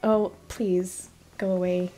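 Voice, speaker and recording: A woman streaming a game live, chatting casually and giggling, with bursts of excited squeals. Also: on the low side, slow, soft background music. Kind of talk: casual live-stream chat while playing.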